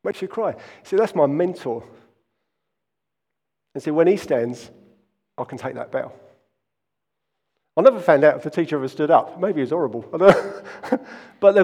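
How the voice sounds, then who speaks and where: A man's voice: fairly high pitch, darkish tone, big-room sound. A man, preaching a sermon and telling stories earnestly, often restarting his phrases. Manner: earnest storytelling with frequent restarts. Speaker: pastor.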